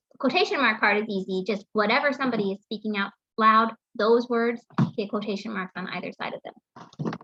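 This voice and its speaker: A woman's voice: fairly high pitch, a bit bright, no room sound. A woman teaching a writing lesson, explaining patiently with frequent ums and restarts. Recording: dull, lo-fi sound in a dry room.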